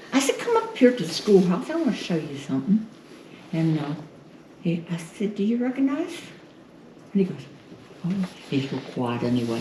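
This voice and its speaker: A woman's voice: lowish voice, mellow. A woman casually telling a family story, acting out the quoted voices and laughing often. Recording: roomy, distant, faint noise.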